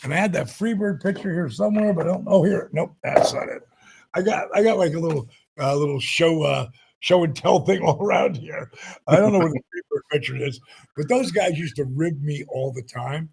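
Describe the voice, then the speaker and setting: Male guest, sixties, lively storyteller, gravelly and raspy. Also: fairly high pitch, fairly quick. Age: 60s. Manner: animated anecdotes, acts out quotes. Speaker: guest, retired pro wrestler. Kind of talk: storytelling interview.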